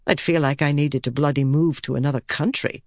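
A woman's voice: low voice, fairly even intonation, fairly quick, no room sound, clean studio sound. A woman voicing a blunt female archer who scolds in a snappish way. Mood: scolding.

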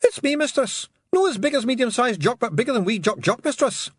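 A man's voice: very high-pitched, lively intonation, fairly quick, husky, no echo, studio quality, pitched above the performer's own voice, exaggerated voice. A man voicing a tiny, nervous male pixie with a Scottish accent who stammers and hesitates. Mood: bashful.

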